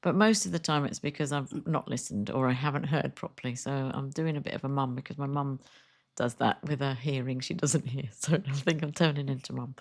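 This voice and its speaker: A middle-aged woman co-hosting a podcast, chatting casually and telling lively stories, acting out what customers said. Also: rumbling low, a little fast. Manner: chatty storyteller, acts out customers' lines. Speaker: podcast co-host. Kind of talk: casual chat.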